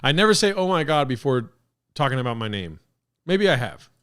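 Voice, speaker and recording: A young man hosting a podcast, reacting to fan-made songs with excitable, profane joking. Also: mid-range voice, brisk, a crowd in the background. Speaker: podcast host.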